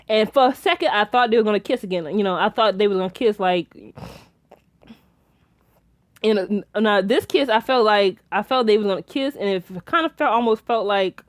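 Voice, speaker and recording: Young female reviewer, excitable and rambling, dry room. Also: medium pitch, no room sound. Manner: rambling, excitable, many restarts and fillers. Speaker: TV episode reviewer. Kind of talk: casual episode recap and theorizing.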